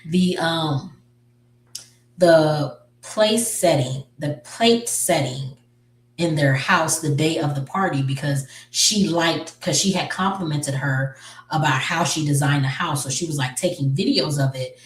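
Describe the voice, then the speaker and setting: A woman's voice: low voice, measured pace, slight background noise. A woman casually retelling a movie's story, rambling with lots of fillers and self-corrections. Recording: roomy, distant mic.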